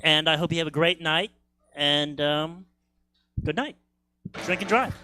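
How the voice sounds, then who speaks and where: A man emceeing a comedy show, loud and profane, rousing the crowd and closing the night. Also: on the high side, measured pace. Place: comedy theater stage.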